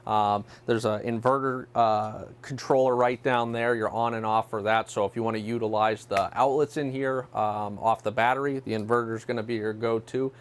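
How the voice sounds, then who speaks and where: A man's voice: on the low side, fairly even intonation, normal speed, hardly any pauses. A man explaining technical equipment in a practical, matter-of-fact way with occasional fillers. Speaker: technical staff guest.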